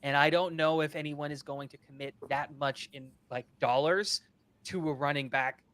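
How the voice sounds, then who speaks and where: Guy making his case hard, kinda high and bright voice. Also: steady tone, normal speed, no echo. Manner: emphatic, argues a point. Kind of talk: casual chat.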